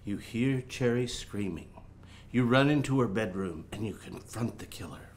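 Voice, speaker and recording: A man's voice: on the low side, expressive, moderate pace, a little hiss or hum. An actor playing a pompous, self-important film director who coaches his cast in a condescending way. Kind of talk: student film acting.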